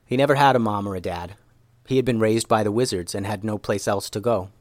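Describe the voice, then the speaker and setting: A man narrating a children's story in an expressive, animated reading. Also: lowish voice, brisk, no echo.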